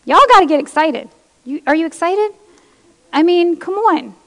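A woman's voice: very high voice, lively intonation, normal speed, pauses often, fairly bright tone, long reverb tail. A woman preacher giving an impassioned sermon, reading scripture aloud and speaking straight to her congregation in a church.

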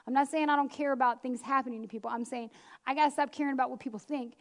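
A woman preacher giving a lively, chatty sermon with self-deprecating asides. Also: high voice, racing. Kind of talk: conversational sermon.

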